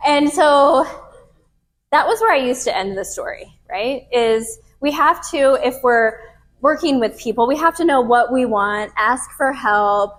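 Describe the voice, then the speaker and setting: A woman's voice: on the high side, a little slow. Candid storytelling woman host. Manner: candid, storytelling, swears casually. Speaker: podcast host and retreat leader. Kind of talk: casual talk to a live group.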